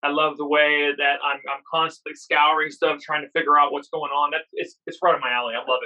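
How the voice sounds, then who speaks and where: A man's voice: fairly high pitch, flat delivery, brisk, bright, forceful tone. A man co-hosting a podcast, chatting eagerly and in a rambling way about a TV episode, on a dull lo-fi mic. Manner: enthusiastic, rambling. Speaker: podcast co-host. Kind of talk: casual discussion of a TV episode.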